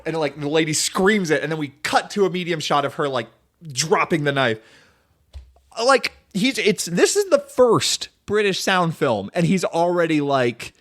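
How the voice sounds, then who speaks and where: A man's voice: on the high side, animated, moderate pace, a bit bright, no room sound, studio quality. A man hosting a casual solo film podcast, rambling and enthusiastic, full of "like" and "um". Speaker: podcast host.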